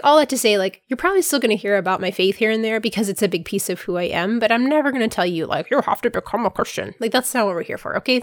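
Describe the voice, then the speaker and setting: A fairly high-voiced woman talks straight to her podcast listeners, earnest and chatty, with "like" in nearly every phrase. Her voice sounds worn and sick. The sound is close and dry, with no room around it. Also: dry recording. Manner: earnest, chatty, fills with "like" constantly. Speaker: podcast host. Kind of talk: casual solo podcast monologue.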